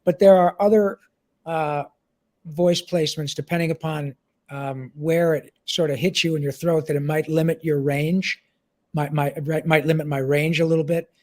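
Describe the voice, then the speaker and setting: A voice actor in his sixties answers interview questions over a video call, animatedly slipping into character voices now and then. His voice is fairly high-pitched at a normal speed.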